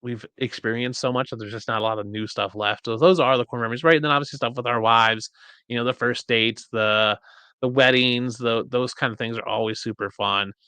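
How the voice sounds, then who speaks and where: Bright-voiced man hosting a podcast. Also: medium pitch, fairly quick, smooth, dry recording. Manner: animated storyteller, acts out quotes. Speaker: podcast host. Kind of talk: casual chat.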